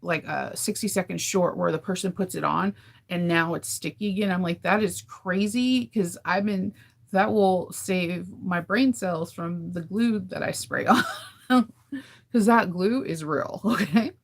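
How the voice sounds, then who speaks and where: A woman from California talks casually with her viewers on a livestream, breaking into laughter often. Her voice sits a little low and carries a gravelly, fry-tinged texture. She comes across candid and chatty. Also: a little slow. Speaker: livestream host. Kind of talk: casual chat with live viewers.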